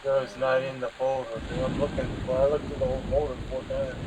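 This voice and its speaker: A man's voice: mid-range voice, monotone, fast, heavy background noise. A man new to the game, asking puzzled questions in a casual voice chat. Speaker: new player asking for help.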